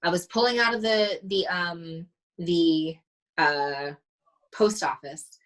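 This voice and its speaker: A woman's voice: fairly low pitch, fairly even intonation, slow, fairly bright tone, rough recording. A woman mindset coach, a podcast guest, telling stories animatedly and acting out the dialogue she quotes. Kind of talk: casual podcast conversation.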